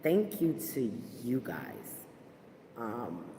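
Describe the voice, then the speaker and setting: A woman's voice: rumbling low, very animated, drawn-out words, big-room sound, background noise. A woman hosting a podcast, chatting casually and heartfelt with viewers, full of fillers and talk of faith. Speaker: podcast host. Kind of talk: casual livestream chat with viewers. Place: at her workplace.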